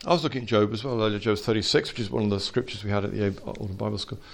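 A man preaching an informal sermon to a small fellowship, swinging from quiet asides to loud exhortation. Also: on the low side, very fast, vocal fry.

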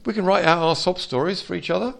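A man preaching an informal sermon to a small fellowship, swinging from quiet asides to loud exhortation. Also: sits high, fast, creaky.

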